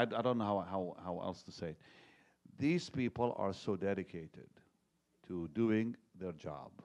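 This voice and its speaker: Pastor in his sixties, low-voiced man, tells sermon stories in a chatty way, from loud jokes to near-whispers. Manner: conversational storytelling, swings from loud jokes to hushed tones.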